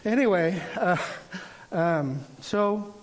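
An older man gives a casual sermon testimony, his voice sitting a touch higher than most men's. He talks in a rambling, halting way, restarting sentences and filling pauses as he tells his story. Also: expressive. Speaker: preacher sharing a testimony.

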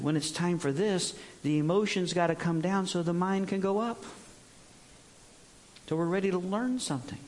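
A middle-aged man preaching a sermon in a plain conversational way, joking and sometimes mimicking others in exaggerated bursts. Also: a little high. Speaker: pastor.

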